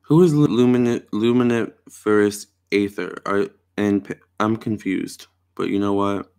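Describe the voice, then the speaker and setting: A young man with a somewhat low voice chats casually on a live stream about tarot and astrology. He talks straight to his viewers, reads their comments aloud and keeps checking in with "all right?". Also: fairly even intonation, measured pace, creaky, darkish tone, clear, resonant tone. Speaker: tarot reader and astrologer host.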